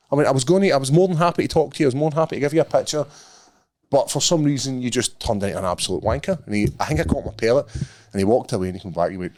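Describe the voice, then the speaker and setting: A Scottish man co-hosting a podcast, telling stories in an animated, swearing way. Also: medium pitch, very fast, a little hiss or hum. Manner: animated storyteller, swears freely. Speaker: podcast co-host. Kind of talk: casual chat.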